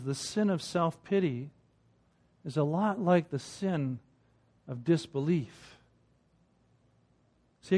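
A man's voice: high-pitched, darkish tone. A man giving a conversational sermon, often repeating words as he starts a phrase and chuckling between points. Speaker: preacher.

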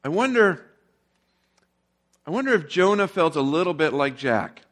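A male pastor preaching a sermon in a relaxed, conversational storytelling way. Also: on the high side, normal speed.

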